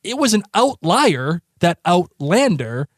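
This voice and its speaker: A man with a Boston accent, co-hosting a podcast in a rambling, excitable casual chat. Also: high-pitched, takes it slowly, no echo, studio quality. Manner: rambling, excitable, many restarts. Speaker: podcast co-host.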